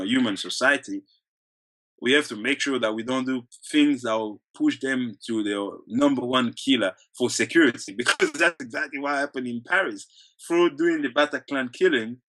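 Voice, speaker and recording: Earnest, bright-voiced man, rambling with laughs. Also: fairly high pitch, poor audio. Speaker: activist guest. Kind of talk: casual interview talk.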